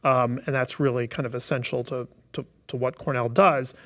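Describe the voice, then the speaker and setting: A man's voice: medium pitch, steady tone, normal speed, fairly bright tone. A man talking on a webinar as a task force member, thoughtful and explanatory, with many fillers and restarts. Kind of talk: webinar discussion. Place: online webinar.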